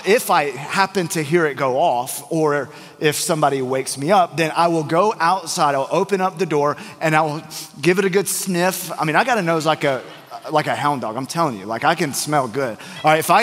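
A man's voice: sits high, a bit bright. A male pastor, preaching a sermon in a casual, joking storytelling manner full of fillers and restarts. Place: church sanctuary. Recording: church hall with long reverb.

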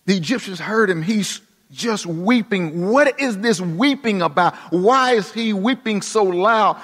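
Pastor, male, high voice, preaching with sweeping shifts from hushed to emphatic, long hall reverb. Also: moderate pace, hardly any pauses, slightly rough. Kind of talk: sermon.

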